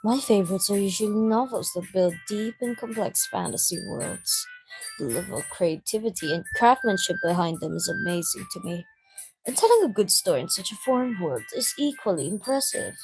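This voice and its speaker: A man voicing a shy, bookish teenage girl in a visual novel game, speaking quietly and softly in a measured way. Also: high-pitched, animated, over music, rough recording. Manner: quiet, soft-spoken, measured. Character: shy bookish teen girl, soft and reserved.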